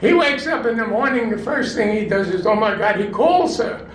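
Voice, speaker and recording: An older man doing stand-up at a retirement home talent show, slowly delivering one-liners and chuckling at his own punchlines. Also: sits high, animated, fairly bright tone. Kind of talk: stand-up joke telling. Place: community room of a retirement residence. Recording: echoey room, distant mic, background noise.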